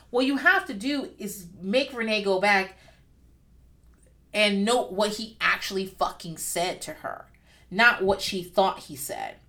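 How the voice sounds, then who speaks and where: A woman giving casual reaction commentary on a TV show, candid and profane, with lively asides. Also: mid-range voice. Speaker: vlogger.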